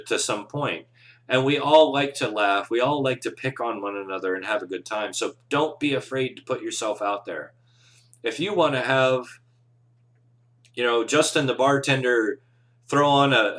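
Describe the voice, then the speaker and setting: A man's voice: medium pitch, fairly bright tone. A man who runs tabletop games, giving casual, earnest advice on a live show with encouraging, rambling talk. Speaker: game master, podcast host.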